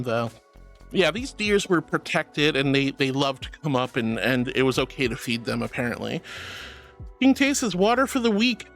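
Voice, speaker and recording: A woman streaming live, chatting playfully and theatrically with her chat and reading their messages aloud. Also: low-pitched.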